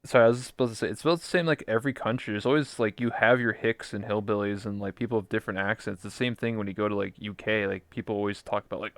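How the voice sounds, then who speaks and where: A man's voice: on the low side, fairly even intonation, fast talker, few pauses, no echo. Young Canadian male host, casual rambler, dry close sound. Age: 20s. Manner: rambling, swearing, mimics voices. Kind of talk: casual chat.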